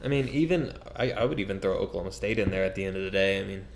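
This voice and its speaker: A young man co-hosting a podcast, chatting casually about sports in a quick, excitable way that often trails off mid-sentence. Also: low-pitched, creaky, slight background noise. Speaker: podcast co-host.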